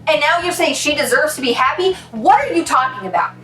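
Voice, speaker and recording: A young woman rants about a book she hates, sarcastic, fed up and swearing as she mocks the characters. Her voice sits high. It sounds roomy and a bit distant from the mic, with faint music underneath. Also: lively intonation, a little fast, pushed and bright. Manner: exasperated, sarcastic, swearing, with mocking quoted voices. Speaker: book reviewer. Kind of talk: ranting book review.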